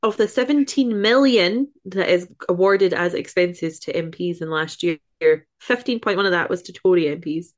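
A woman co-hosting a podcast, wry and teasing in casual chat. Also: lowish voice. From Scotland. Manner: wry, teasing, quick with jokes. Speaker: podcast co-host.

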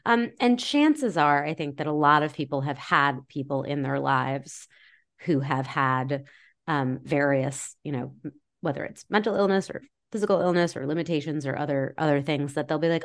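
Low-pitched woman in her 40s chatting on a podcast, blunt and candid, lots of "like" and "you know". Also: animated, moderate pace. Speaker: guest author. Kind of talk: conversational podcast interview.

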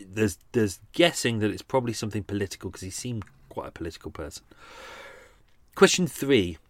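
A man's voice: lowish voice, no room sound. A man hosting a podcast, talking casually in a rambling, hesitant way with many restarts, then running a quiz. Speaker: podcast host.

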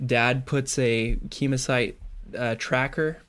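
A man's voice: medium pitch, fairly even intonation, slow pace, fairly bright tone, clear, resonant tone. A man co-hosting a fan podcast, recapping an episode in casual chat and doing playful voices for characters. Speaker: podcast co-host.

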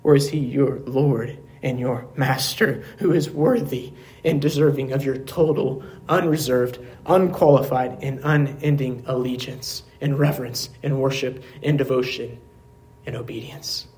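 A man pastor preaching a sermon in a church service, earnest, asking rhetorical questions and dropping to quiet emphasis. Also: mid-range voice, steady tone, unhurried.

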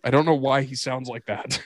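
A man's voice: medium pitch, steady tone, normal speed, no room sound. A man co-hosting a podcast in casual chat, laughing often and swearing as he tells stories. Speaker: podcast co-host.

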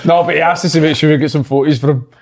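A man's voice: a little high, fairly even intonation, racing, a little mellow. A Scottish man co-hosting a casual podcast, telling his story in a plain-spoken way. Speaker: podcast co-host. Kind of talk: casual chat.

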